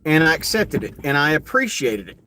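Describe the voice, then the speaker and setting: A man's voice: on the high side, big pitch swings, fairly quick, noisy background. A man delivering a casual, heated monologue as an online commentator, sarcastic and keen on repeating a mocking refrain.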